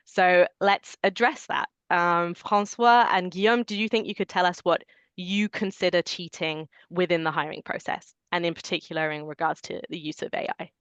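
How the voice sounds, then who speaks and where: A woman hosting a webinar, giving clear, organized announcements over a video call. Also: fairly low pitch, fairly even intonation, normal speed, a bit bright, no room sound. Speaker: webinar host.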